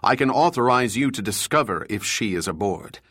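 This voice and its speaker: A man's voice: fairly low pitch, expressive, normal speed, no echo, clean studio sound. A male narrator voicing a stern senior intelligence official who speaks firmly and commandingly. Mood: angry. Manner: firm, commanding, shouting when crossed.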